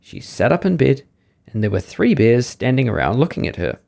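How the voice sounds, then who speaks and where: A man reads a bedtime fairy tale in a warm storyteller's way, his voice lifting and dipping in a sing-song pattern. There's a strong gravelly fry in his voice. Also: medium pitch, big pitch swings, normal speed. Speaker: storyteller, podcast host.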